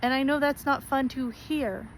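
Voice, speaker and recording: Woman, earnest and pleading, fairly high voice, faint background noise, heartfelt vlog talk. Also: moderate pace, rough recording. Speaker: spiritual vlogger. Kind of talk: heartfelt direct-to-camera talk.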